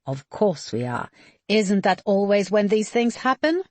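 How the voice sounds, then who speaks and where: A woman's voice: medium pitch, sing-song, measured pace, no echo, pitched above the performer's own voice. A woman voicing a wry, good-humoured man.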